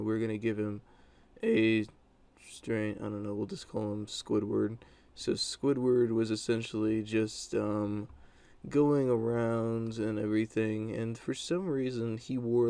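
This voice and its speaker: A man's voice: fairly low pitch, warm tone, clean tone, no room sound. A young adult man telling a story from his school days in a casual, blunt monologue, with many fillers and crude words.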